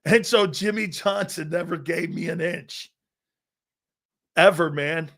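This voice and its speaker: Brash, higher-voiced man in his fifties. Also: slow pace, creaky, fairly bright tone. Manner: brash, boastful storytelling with lots of restarts and acted-out quotes. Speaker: sports talk show host. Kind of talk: casual sports talk storytelling.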